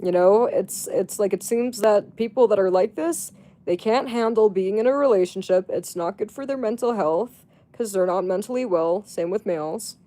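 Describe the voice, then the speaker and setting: A woman's voice: mid-range voice, normal speed, warm tone. A woman livestreamer telling a gossipy story in casual chat, blunt and rambling, swearing freely and laughing often.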